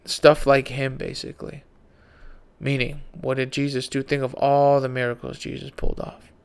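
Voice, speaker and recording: A man's voice: mid-range voice, monotone, moderate pace, gravelly, clear, resonant tone. A tired man hosting a podcast alone, rambling in casual slang about conspiracy theories, yawning as he talks. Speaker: podcast host.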